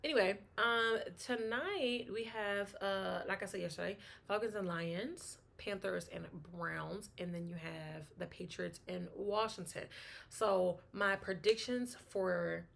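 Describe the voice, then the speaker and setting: A woman's voice: mid-range voice, a little slow, vocal fry, fairly bright tone. A woman hosting a casual solo sports talk show, chatting and thinking aloud, often restarting her sentences.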